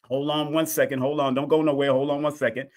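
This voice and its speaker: Animated man hosting a call-in stream. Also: fairly high pitch, fast. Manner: repetitive, animated, talks to chat and callers. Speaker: host of a call-in live stream. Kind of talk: casual live-stream talk.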